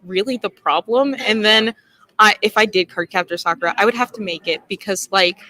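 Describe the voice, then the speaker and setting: A woman's voice: mid-range voice, brisk, rough recording. A woman on a cosplay panel, chatting casually in a giggly, self-deprecating way. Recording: loud crowd over voice. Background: loud crowd.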